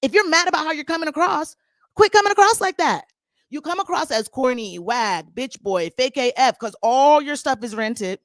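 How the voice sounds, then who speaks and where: A woman's voice: sits high, lively intonation, moderate pace, dry recording, clean studio sound. Sassy woman dishing reality TV gossip. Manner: sassy, dramatic, acts out quotes in voices. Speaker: reality TV recap host. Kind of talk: casual gossip recap.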